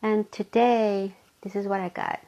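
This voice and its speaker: A woman's voice: mid-range voice, steady tone, measured pace, gravelly, mellow, lo-fi sound. A woman giving a live motivational talk from her home office, earnest and full of rhetorical questions to the listener. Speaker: motivational speaker.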